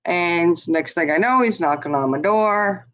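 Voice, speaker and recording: A woman's voice: on the low side, a little slow. A woman telling a long story in casual chat, laughing often and saying "you know" a lot. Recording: dull lo-fi sound.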